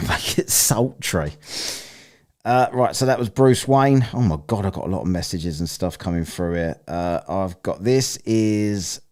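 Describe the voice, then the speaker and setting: A man's voice: sits low, normal speed, hardly any pauses, warm tone. A man hosting a casual live-stream, rambling, swearing and laughing as he plays listener clips. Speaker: streamer hosting a soundbite contest.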